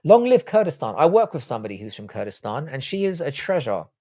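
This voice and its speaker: A man's voice: medium pitch, very animated, fast talker. A man hosting a casual live stream, reading out viewer chat and answering it with loose, profane talk. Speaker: livestream host.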